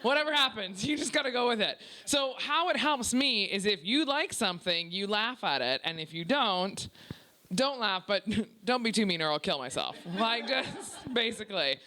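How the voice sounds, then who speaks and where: Loud, brash Canadian woman doing stand-up. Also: mid-range voice, expressive, normal speed. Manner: loud, brash and profane, teasing the crowd. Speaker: stand-up comedian. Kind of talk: stand-up set at a work-in-progress preview. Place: small comedy club before a live audience.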